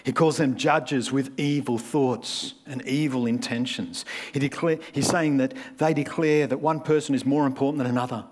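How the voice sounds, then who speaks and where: Man, fifties, conversational sermon, middle-pitched voice. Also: steady tone, normal speed, few pauses, darkish tone. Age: 50s. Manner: conversational, acts out quoted voices. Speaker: preacher.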